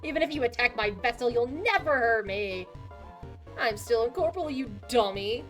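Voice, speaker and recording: A woman's voice: fairly high pitch, expressive, normal speed, soft background music. A woman voicing a furious ghost that lives inside a training dummy, reading game dialogue aloud in a ranting, theatrical way. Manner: ranting, theatrical, shouting insults.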